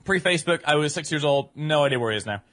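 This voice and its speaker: Bright-voiced man with a mixed accent. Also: on the high side, rapid-fire. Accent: mixed English, Northern Irish and American. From Northern Ireland and England, raised abroad. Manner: laughing, swearing, animated storyteller. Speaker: podcast guest. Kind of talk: casual chat.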